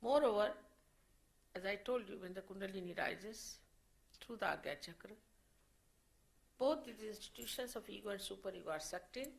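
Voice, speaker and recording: Gravelly-voiced woman giving a spiritual lecture. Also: medium pitch, moderate pace, pauses often, low-quality recording. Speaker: spiritual teacher.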